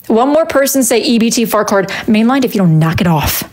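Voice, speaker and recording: A woman's voice: a little high, animated, brisk, darkish tone. A woman chatting casually on a live stream while she draws, scolding her chat and kicking people out. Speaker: wood-burning artist streaming live. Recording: music playing behind the voice.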